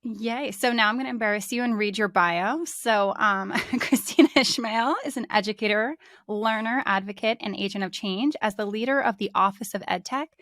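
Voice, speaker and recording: A woman's voice: mid-range voice, fairly bright tone, dry recording, studio quality. A woman hosting a podcast, chatting casually and bubbly, laughing often with her guest. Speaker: podcast host. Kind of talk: casual interview chat.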